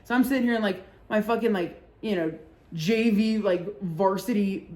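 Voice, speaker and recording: A woman's voice: mid-range voice, normal speed, a little mellow. Young woman podcaster rambling thru a story, cussing a lot, says like constantly. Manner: chatty and profane, many filler likes. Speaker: podcast host. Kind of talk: casual storytelling chat.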